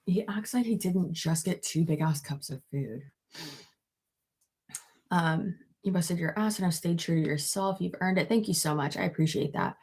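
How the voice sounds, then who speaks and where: A young woman chats loosely and candidly, her voice husky and pitched a little low. She swears freely and talks to her viewers. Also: normal speed, a little mellow. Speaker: YouTuber on a livestream. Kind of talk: casual chat reading comments.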